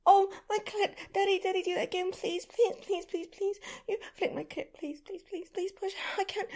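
A woman's voice: very high-pitched, unhurried, gravelly, darkish tone. A young adult woman performing an adult audio role-play, pleading and breathless, sometimes dropping to a whisper.

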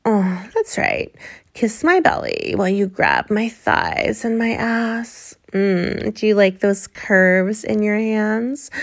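Slow, breathy, sultry woman. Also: on the high side. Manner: sultry, coaxing and breathy, with soft moans. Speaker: erotic audio performer. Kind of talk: intimate role-play narration.

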